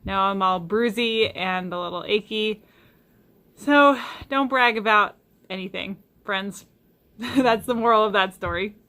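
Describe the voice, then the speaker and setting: Self-filming on a handheld camera, a young woman makes a casual travel vlog outdoors and in a cabin, chatty, upbeat, and laughing often. Her medium-pitched voice is bright and forceful at a measured pace, with no echo.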